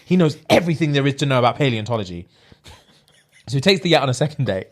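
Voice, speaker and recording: A man's voice: mid-range voice, fast. A podcast host, telling stories in casual chat and acting out the people he quotes. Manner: animated storytelling, acts out quotes, laughs often.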